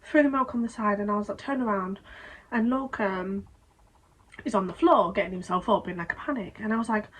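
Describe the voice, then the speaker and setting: A young woman talks to camera in a casual vlog, her voice at a middling pitch. She tells the story in an emotional, rambling way, often restarting her sentences. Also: brisk, a bit bright, low-quality recording. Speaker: vlogger.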